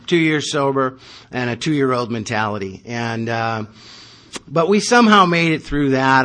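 A man's voice: mid-range voice, a bit bright. A man in his thirties telling his recovery story at a meeting, wry and self-mocking. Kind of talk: personal testimony with self-deprecating humor.

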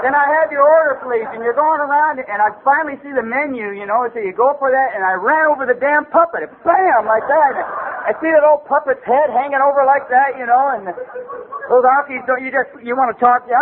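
This is a male recovery meeting speaker from the Los Angeles area, telling funny stories about his life in a high voice. He rambles loosely, sprinkling in "man" and "you know," on a thin, phone-like tape with faint hiss.

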